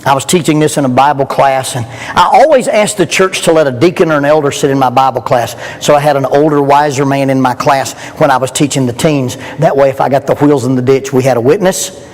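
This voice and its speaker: A middle-aged man with a mid-range voice speaks fairly quickly, preaching an earnest, emphatic sermon to a youth rally and asking rhetorical questions. It's recorded in a church hall with long reverb and faint background noise.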